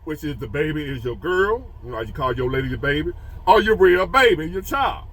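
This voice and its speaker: A man with a high voice that swings all over as he talks. His tone is bright and sharp. He tells a story and preaches advice to other men, hammering key phrases again and again. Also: a little fast, hardly any pauses. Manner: animated, preachy, repeats phrases for emphasis. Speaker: motivational storyteller.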